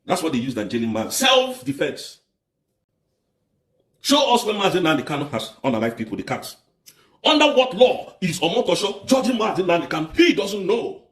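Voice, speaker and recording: A man with a Nigerian accent runs an impassioned political livestream, his fairly bright, sing-song voice sitting high at a moderate pace. He is fiery and repetitive, firing off rhetorical questions, and the audio is reverberant.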